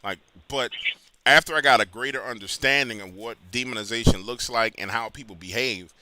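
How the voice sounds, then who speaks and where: A man with a New Orleans accent hosting a call-in show, chatting casually, swinging from loud bursts to low mutters. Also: fairly quick, a little hiss or hum.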